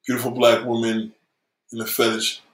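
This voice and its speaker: A man's voice: medium pitch, completely flat delivery, moderate pace, roomy sound. A man hosting a livestream, reading viewer comments and ranting with heavy swearing, mocking and repeating himself. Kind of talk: profane livestream rant.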